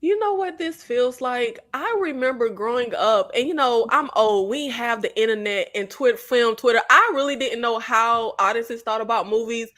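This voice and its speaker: A woman hosts a casual conversation, her voice sitting a little on the high side. She talks animatedly, with playful exclamations and frequent laughter. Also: normal speed, hardly any pauses, a bit bright. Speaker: host. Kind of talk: casual podcast chat.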